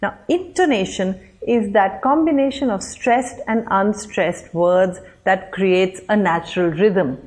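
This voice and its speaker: A woman teaching English in an online lesson, with clear, deliberate delivery. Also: medium pitch, a little mellow.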